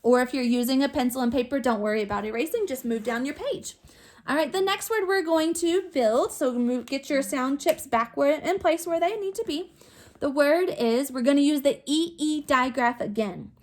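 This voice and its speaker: A woman teacher giving a remote phonics lesson to young children, sounding out words slowly with patient step-by-step prompts. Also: high voice.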